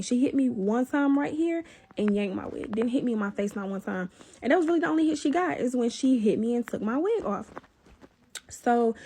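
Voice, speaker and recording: A young woman telling a personal story in a casual vlog, animated and profane, talking straight to her viewers. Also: on the high side, husky.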